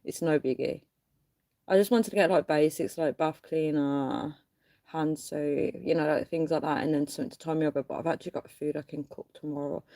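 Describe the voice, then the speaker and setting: A woman with a slightly low voice chats casually to her viewers on a livestream from her phone. She talks in a loose, rambling way, keeps calling her audience guys and laughs often. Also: fairly even intonation, a little fast, warm tone. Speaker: livestream host.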